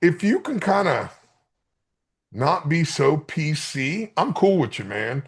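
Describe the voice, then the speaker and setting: Gravelly, husky man with a lively voice. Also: a little high, slow. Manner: profane, joking, animated storyteller. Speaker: podcast host. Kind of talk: casual podcast banter.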